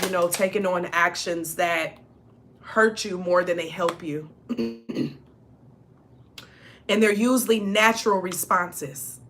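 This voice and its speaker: A little hiss or hum sits under a mid-range female voice as she delivers a casual spiritual reading with messages from ancestors. Her manner is chatty, direct and emphatic, with frequent "okay?" check-ins for her viewers.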